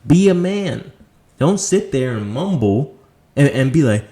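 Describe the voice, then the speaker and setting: Male dating coach, mid-pitched, blunt and profane, preaches in punchy rhetorical bursts to camera. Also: sing-song, unhurried, mellow. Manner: punchy emphatic delivery. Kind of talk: motivational monologue to camera.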